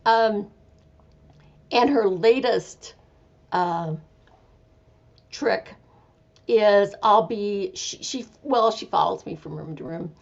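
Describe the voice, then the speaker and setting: A woman's voice: mid-range voice, muffled recording. A woman hosting a casual live chat from home, chatty and meandering, with an easygoing manner. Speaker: live stream host.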